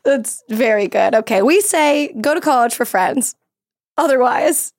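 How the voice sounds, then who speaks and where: Playful high-voiced woman podcast host. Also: lively intonation, no echo, studio quality. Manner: playful, teasing, quick to laugh. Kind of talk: casual comedic chat.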